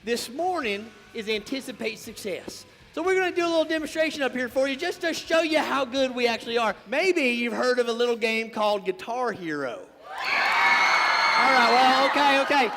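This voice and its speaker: A man playing a brash, over-the-top game guru in a live stage comedy skit, shouting to a crowd in a large hall. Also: very high-pitched, animated, normal speed, exaggerated voice. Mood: boastful. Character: over-the-top male game guru Blam, hyped showman. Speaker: stage performer in a comedy duo. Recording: reverberant hall with music behind.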